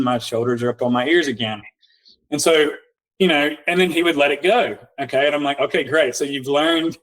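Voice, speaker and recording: A man, a nervous system coach guest on a podcast, telling client stories in a lively way, acting out both sides of the talk and slowing down for guided instructions. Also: mid-range voice, poor audio. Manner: animated storyteller acting out both sides of conversations; slow, guiding coaching instructions. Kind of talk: casual storytelling in a podcast interview.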